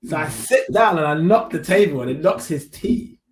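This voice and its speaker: A male podcast co-host with a voice on the high side tells stories in a lively, animated way at a moderate pace, acting out quotes during casual chat.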